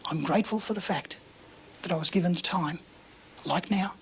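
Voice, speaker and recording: An Australian man telling a story in a casual interview, acting out the dialogue in an animated way, his voice often breathy and half-whispered. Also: high voice, normal speed, slight background noise. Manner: animated anecdotal, acts out dialogue. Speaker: interview guest.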